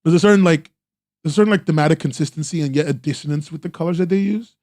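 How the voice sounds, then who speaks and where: A man's voice: fairly high pitch, very fast, darkish tone, dry recording, clean studio sound. A man casually reviewing webcomics on a stream, rambling with lots of "like" and restarts, eager in his praise. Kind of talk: casual live-stream commentary.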